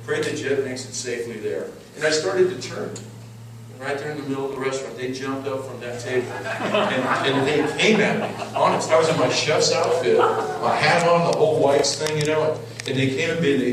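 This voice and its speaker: A middle-aged man giving an emphatic sermon testimony, telling his story and repeating words as he goes. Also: medium pitch. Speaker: preacher. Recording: echoey hall, mic at a distance.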